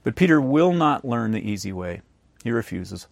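A man's voice: mid-range voice, big pitch swings, moderate pace, gravelly, no room sound. A man preaching a sermon who acts out the voices of the people in his stories. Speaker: pastor.

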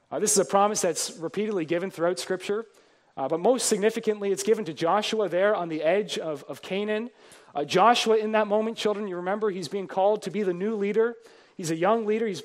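A man preaching a sermon as pastor to his congregation, earnest, building emphasis through repeated phrases. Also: high-pitched.

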